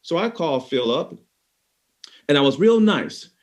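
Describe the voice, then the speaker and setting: Animated motivational speaker, a man. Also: a little high, unhurried. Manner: animated storyteller, addresses the audience directly. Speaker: keynote speaker on management. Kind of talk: motivational talk.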